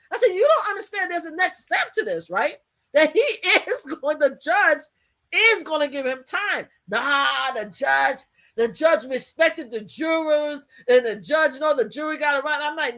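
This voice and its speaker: A woman with a fairly high, sharp, bright voice tells her story as an interview guest. She is animated, laughs easily and acts out what other people said. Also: moderate pace. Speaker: survivor advocate guest.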